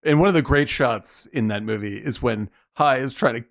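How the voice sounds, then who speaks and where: A man's voice: mid-range voice, moderate pace, vocal fry, a bit bright. A man co-hosting a casual film podcast, laughing often and swearing freely. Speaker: podcast co-host.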